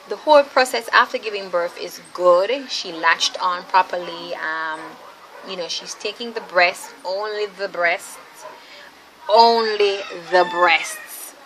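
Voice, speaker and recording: A young woman telling a story in a casual, animated vlog, chatty and often laughing, speaking to viewers as "ladies". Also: mid-range voice, a little hiss or hum, low-quality recording. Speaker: vlogger, mother.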